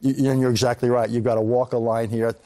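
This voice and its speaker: An older man, a veteran diplomat, answering questions in a live news interview in a measured, analytical way. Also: mid-range voice, little pitch movement, mellow. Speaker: foreign policy analyst guest.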